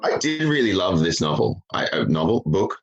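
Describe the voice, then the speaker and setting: A man's voice: sits low, big pitch swings, normal speed, dull audio, soft background music. A man on a podcast talking casually about a book at home, hesitant with many restarts. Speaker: podcast panelist.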